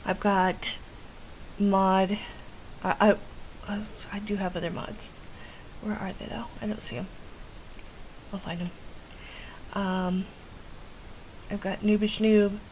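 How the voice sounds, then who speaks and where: A woman's voice: medium pitch, flat delivery, slow pace, pauses often, darkish tone, slight background noise, poor audio. A woman hosting a gameplay video, chatting casually and rambling with many fillers. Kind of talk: casual game commentary.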